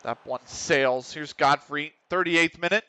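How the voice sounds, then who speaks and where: A man's voice: on the high side, unhurried, bright, forceful tone, clean tone, no echo. A man streaming a football management game, reacting live, swearing and calling out to the players on screen.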